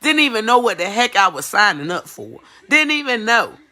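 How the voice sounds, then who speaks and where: A woman's voice: mid-range voice, sing-song, normal speed, pushed and bright. A woman giving an emotional personal testimony as a mother, earnest and pleading, repeating phrases for emphasis.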